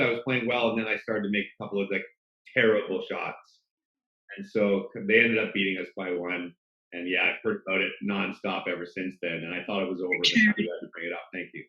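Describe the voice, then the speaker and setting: A middle-aged man with a lowish voice tells lively, self-deprecating stories as an interview guest. He sounds like he is on a video call from a roomy space, with slightly dull, lo-fi audio. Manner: storytelling, self-deprecating, animated. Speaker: sports broadcaster, guest. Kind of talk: casual interview chat.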